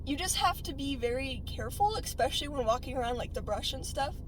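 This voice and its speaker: A woman's voice: high-pitched, lively intonation, fast, noisy background. A young woman vlogger telling a childhood story in a casual, chatty way, full of fillers and "right?" check-ins.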